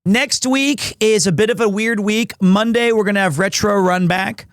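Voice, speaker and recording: A man live-streaming from home, chatting casually with his viewers in a rambling, excitable, self-deprecating way. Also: sits high, normal speed, clean tone, no echo, studio quality.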